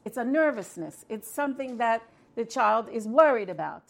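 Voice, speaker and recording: A woman's voice: fairly high pitch, animated, normal speed, creaky. A woman telling a story in a conversational way, with fillers and restarts. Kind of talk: storytelling talk.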